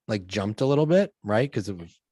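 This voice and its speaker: A man's voice: on the low side, a little fast, slightly rough, dry recording. A middle-aged man talks casually as a podcast guest on his own show, telling stories with energy. He jumps into quoted voices as he goes. His voice sits close and dry, with no room around it. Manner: animated storytelling, acts out quoted voices. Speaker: podcast host being interviewed. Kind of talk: casual conversation.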